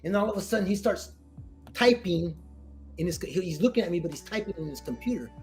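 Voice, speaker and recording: A Marine veteran telling a story in a casual interview, slangy and animated, acting out what people said to him. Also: male voice, high voice, fast, soft background music. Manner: animated retelling, slangy, acts out quoted dialogue.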